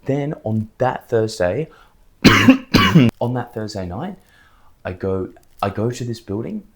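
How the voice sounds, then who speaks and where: A low-pitched man talks straight to the camera. He is fired up and emphatic, and he rambles from motivational advice into a story. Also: expressive, takes it slowly, a crowd in the background. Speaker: vlogger.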